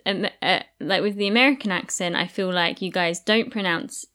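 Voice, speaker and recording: A woman's voice: medium pitch, normal speed, fairly bright tone. A woman from Essex with an Essex English accent, co-hosting a casual podcast chat and laughing often. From Essex, England. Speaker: podcast co-host.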